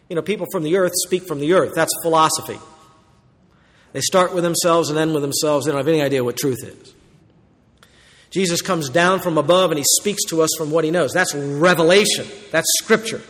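Male pastor, verse-by-verse sermon, emphatic then hushed, fairly high voice, long hall echo. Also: fairly quick. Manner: swings from loud emphatic warnings to low quiet asides. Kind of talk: expository sermon.

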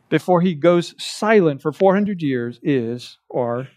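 A man preaching an expository sermon as pastor, slowing down to stress quoted scripture. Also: on the high side, animated, a little mellow, no room sound. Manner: emphatic preaching with slow, stressed quotations of scripture. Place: church.

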